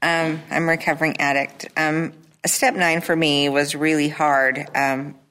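A middle-aged woman with a very deep voice gives a personal testimony at a support meeting. She speaks hesitantly, filling pauses with ums and restarting her sentences. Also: little pitch movement, fairly bright tone. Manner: hesitant, many fillers and restarts. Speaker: recovery meeting member sharing.

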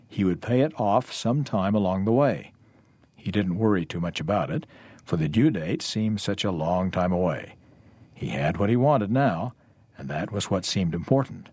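A man reading a parable aloud for a lesson in a measured, even way. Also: deep voice, breathy edge, dry recording. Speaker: reader of a lesson text.

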